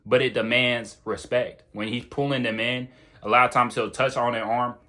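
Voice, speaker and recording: Man, self-improvement video creator, casual and blunt, conversational slang, mid-pitched voice. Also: flat delivery, moderate pace, bright, forceful tone. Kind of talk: casual direct-to-camera advice.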